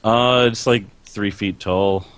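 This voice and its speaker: A man's voice: lowish voice, steady tone, takes it slowly, fairly bright tone. A man chatting casually as a podcast co-host, rambling with lots of fillers and laughing between his words. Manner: rambling, laughs mid-sentence, many "like" fillers. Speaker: podcast co-host and video creator.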